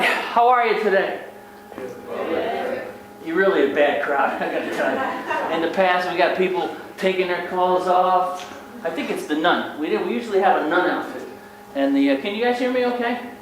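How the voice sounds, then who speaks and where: A middle-aged sports sociologist gives a joking, rambling public lecture in a lecture hall, his high-sitting voice animated at a moderate pace. He's wisecracking and chatty, full of asides to the crowd. The hall recording is echoey and noisy.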